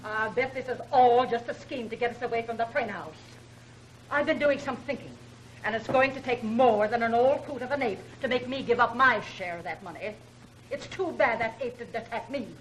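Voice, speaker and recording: An actress in a 1930s film playing a sharp-tongued, greedy woman who scoffs at danger. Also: a little high, moderate pace, lightly acted, low-quality recording. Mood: scornful. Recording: old film soundtrack with faint noise.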